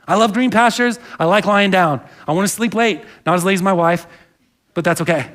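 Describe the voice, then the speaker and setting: A man's voice: high-pitched, a little fast, a bit bright. A man preaching a sermon in a church, earnest and conversational, with asides to the congregation. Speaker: pastor. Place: church sanctuary.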